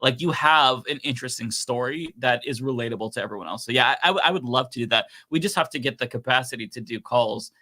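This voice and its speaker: A man's voice: mid-range voice, quick pace, few pauses, bright, forceful tone. A man co-hosting a political livestream, reading donations and chatting casually with many fillers and restarts. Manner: rambling, filler-heavy, laughs easily.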